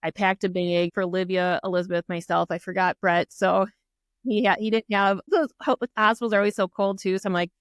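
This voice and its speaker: Middle-aged woman in earnest animated storytelling. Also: medium pitch, brisk, clean tone, dry recording, studio quality. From Minnesota. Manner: earnest, animated retelling that acts out quoted dialogue; many fillers like "like" and "um". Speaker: guest. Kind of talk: personal storytelling in a podcast conversation.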